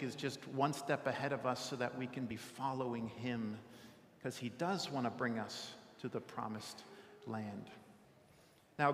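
A man's voice: mid-range voice, gravelly, fairly bright tone, slight background noise. A man preaching a sermon in a church, talking in a conversational way and often checking in with "right?". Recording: echoey church hall with long reverb.

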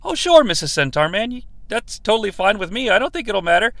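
A man's voice: sits high, sing-song, fast, a bit bright, no echo. A man hosting a comedy podcast, reading listener questions in an overly polite, mock-earnest manner. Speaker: podcast host.

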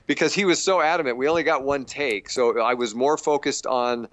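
A man's voice: medium pitch, brisk, no echo. Self-mocking middle-aged man, dry sound. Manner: self-deprecating, animated when quoting others. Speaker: actor. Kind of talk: casual interview talk.

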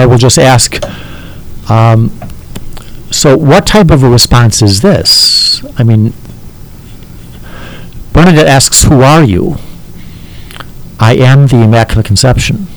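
A man explaining a text to a listener as a teacher, halting and often checking in with "okay?". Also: medium pitch, low-quality recording.

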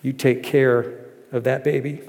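A man voicing an old homeless man who talks too loudly, cooing at a baby. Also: medium pitch, flat delivery, unhurried, long reverb tail, natural voice. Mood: soft, choked. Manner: overly loud, cooing at a baby. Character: scruffy old homeless man, loud then tender.

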